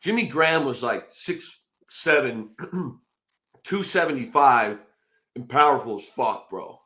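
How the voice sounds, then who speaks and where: Animated man telling stories on a podcast. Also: medium pitch, a little slow. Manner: animated storytelling, swearing, acting out quotes loudly. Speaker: podcast host. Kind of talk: casual podcast chat.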